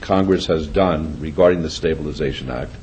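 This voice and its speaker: A man's voice: very deep voice, brisk, darkish tone, slight background noise, low-quality recording. An older man, the mayor, chairing a city council meeting in a plain-spoken, folksy way. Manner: folksy, plain-spoken, uses homey sayings. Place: council chamber.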